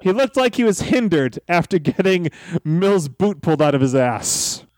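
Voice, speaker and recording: A man co-hosting a casual podcast, reading out listener messages and plugs at an unhurried pace. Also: high voice, big pitch swings, a little mellow, no echo, clean studio sound.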